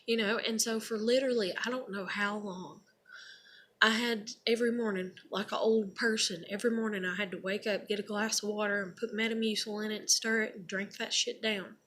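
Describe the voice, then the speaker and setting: A young woman vlogger tells a personal story in a casual, blunt, rambling way, swearing offhandedly and leaning heavily on fillers like "like" and "you know." Her voice is medium-pitched with a fairly bright tone.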